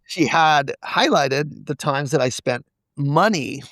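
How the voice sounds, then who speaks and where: A man's voice: on the high side, animated, takes it slowly, fairly bright tone, no echo. A man as a podcast guest, candidly telling a personal story and acting out the quoted dialogue. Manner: confessional, acts out quoted dialogue.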